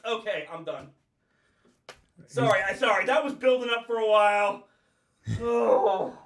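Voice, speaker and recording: High-voiced man ranting profanely. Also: unhurried, pauses often, fairly bright tone. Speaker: co-host. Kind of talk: casual live-stream chat.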